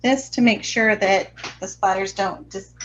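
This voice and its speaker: A woman's voice: medium pitch, unhurried, fairly bright tone, lo-fi sound, slight background noise. A woman hosting a live watercolor lesson, chatting casually with viewers and laughing often, sometimes trailing off and mumbling to herself as she works. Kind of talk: live-streamed painting lesson.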